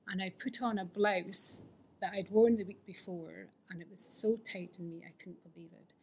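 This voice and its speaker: A woman with a husky, breathy voice gives a candid recovery testimony. She speaks earnestly and often lets her voice fall to a near-whisper. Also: mid-range voice, normal speed, darkish tone. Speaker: fellowship member sharing her recovery story.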